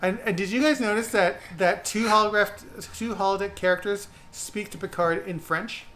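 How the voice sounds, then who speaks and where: A man co-hosting a casual podcast chat, halting and repeating words as he recalls details. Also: high-pitched, steady tone, fairly bright tone. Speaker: podcast co-host.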